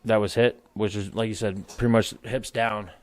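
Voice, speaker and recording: This thirty-something military veteran speaks at a moderate pace in a lowish voice with fairly even intonation. Chatting casually on a podcast, he tells rambling war stories, laughing and cursing freely.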